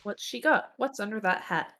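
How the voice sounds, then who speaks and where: A woman's voice: mid-range voice, normal speed, bright, forceful tone, a little hiss or hum. A woman co-streaming a story game, chatting in a playful, teasing way. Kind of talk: casual game playthrough chat. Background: game music.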